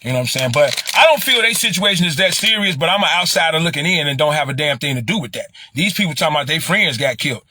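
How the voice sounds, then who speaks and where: A middle-aged man from Chicago with a Chicago accent, talking on a livestream in an animated, preachy way and repeating phrases. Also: fairly high pitch, fast talker, few pauses, a little hiss or hum. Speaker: livestream commentator. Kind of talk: casual livestream talk.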